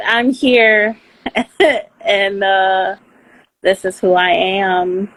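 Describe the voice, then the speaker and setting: Slow, shy-sounding woman guest. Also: medium pitch, fairly even intonation, dry recording, poor audio. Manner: shy, hesitant, laughs softly. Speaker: therapist guest. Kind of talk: casual interview chat.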